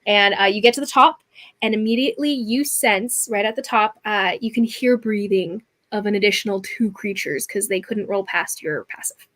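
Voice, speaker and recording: A woman's voice: mid-range voice, normal speed, fairly bright tone. A woman narrating a tabletop game as game master, chatty and full of fillers. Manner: chatty, many fillers and restarts.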